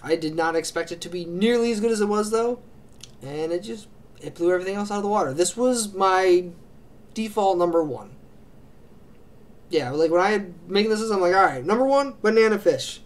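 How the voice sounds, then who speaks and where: High-voiced man gushing about favorites. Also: a little fast, long pauses. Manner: gushing, rambling, many fillers and restarts. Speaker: anime reaction channel host. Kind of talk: casual spoken ranking of favorite series.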